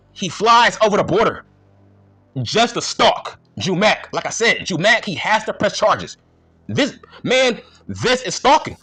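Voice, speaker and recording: High-pitched husky guy ranting, lively swoopy voice, cussing and repeating himself. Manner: exasperated, repetitive, profane ranting. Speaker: wrestling reviewer. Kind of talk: casual rant review.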